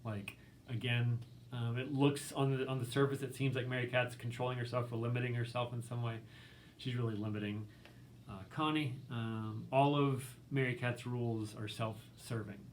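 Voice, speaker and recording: A man's voice: mid-range voice, level tone, moderate pace, slight background noise. A male literature professor giving a recorded lecture in a casual, conversational way, full of ums and likes, reading quotes aloud.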